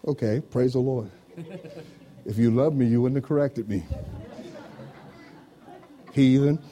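Mellow-voiced man preaching a sermon. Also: mid-range voice, unhurried, some chatter behind. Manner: interactive preaching, peppered with "amen" and "praise the Lord"; banters with a volunteer from the congregation. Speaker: pastor. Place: church.

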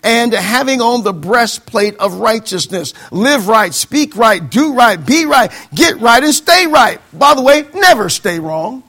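Male pastor, high gravelly voice, preaching with call-and-response. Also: big pitch swings, a little slow, few pauses, pushed and bright. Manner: call-and-response preaching, quoting scripture, mocking excuses in voices. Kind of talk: sermon.

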